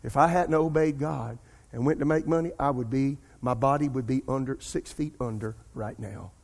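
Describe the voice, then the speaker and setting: A creaky medium-pitched voice at a moderate pace belongs to a middle-aged pastor preaching to his congregation. Speaking from the church sanctuary, he trades call-and-response asides with them, captured with long hall reverb.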